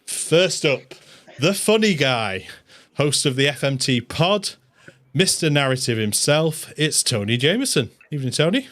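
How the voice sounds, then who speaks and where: A man hosting a live online draft show, upbeat and jokey, with quick asides. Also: fairly high pitch, very animated, a bit bright. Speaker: host.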